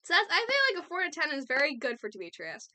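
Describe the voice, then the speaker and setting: Woman, opinionated game commentary, blunt playful ranting, fairly high voice, bright and forceful tone. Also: wildly swooping pitch, quick pace. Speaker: gaming video creator.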